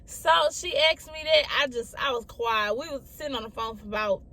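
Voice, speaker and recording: Chatty young woman with a high voice. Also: a little fast, pushed and bright. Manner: chatty, repeats phrases, often addresses listeners as y'all. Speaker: storyteller vlogger. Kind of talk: casual storytime chat.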